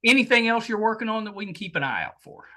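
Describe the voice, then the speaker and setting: A podcast host from West Virginia chats with his guest in a friendly way and spins a folksy personal story. His voice is bright and sharp, and his pitch moves a lot. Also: sing-song, fairly quick. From West Virginia, USA. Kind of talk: casual interview chat.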